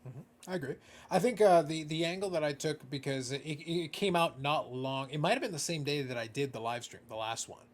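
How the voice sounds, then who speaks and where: A male podcast host chatting casually, animated and playful, often repeating words as he starts a thought. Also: a little high, fairly quick. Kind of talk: casual conversation.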